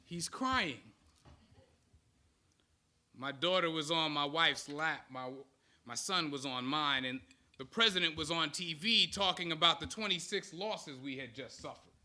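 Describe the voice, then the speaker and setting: An American man in his thirties delivers a motivational speech, firing up the crowd with call-and-response chants. His voice is slightly high and a bit slow, with a sharp edge.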